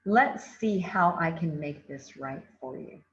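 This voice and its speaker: A woman's voice: low voice, lively intonation, measured pace. A woman giving a conversational customer service training talk, often repeating phrases and adding fillers. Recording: roomy, slightly dull recording.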